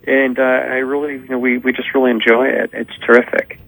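A man with a gravelly voice speaks as a guest on a podcast, recorded dry and close. He pauses often and fills gaps as he talks. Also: medium pitch, level tone, a bit bright, no room sound, low-quality recording. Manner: hesitant, many fillers. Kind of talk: casual interview.

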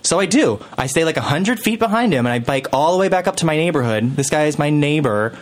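A man telling a story in casual chat as a guest, animated and acting out the voices of the people in it. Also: a little high, quick pace.

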